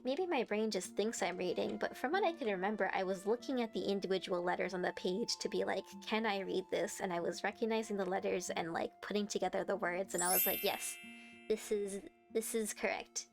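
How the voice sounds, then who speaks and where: A woman's voice: medium pitch, vocal fry. A young woman streaming live, chatting casually and giggling as she answers her chat.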